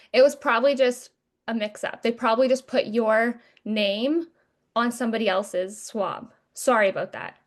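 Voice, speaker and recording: Young female podcast host, fairly high voice, candid and animated storyteller, swears casually. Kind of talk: emotional personal storytelling.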